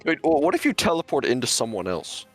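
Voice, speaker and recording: A man's voice: mid-range voice, big pitch swings, fast, a bit bright, soft background music. A man playing a tabletop game, casual, joking and asking questions. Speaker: player.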